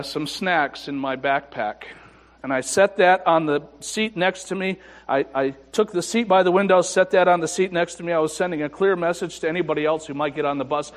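A male pastor telling a personal story in a sermon, moving between quiet reflection and emphatic moments. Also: fairly high pitch, long reverb tail.

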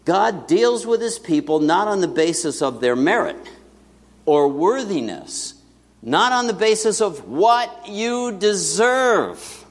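Pria berkhotbah di aula bergema. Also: male voice, sits high, takes it slowly, long reverb tail. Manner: lively, conversational preaching with asides to the congregation. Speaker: pastor. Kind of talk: sermon. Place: church sanctuary with congregation.

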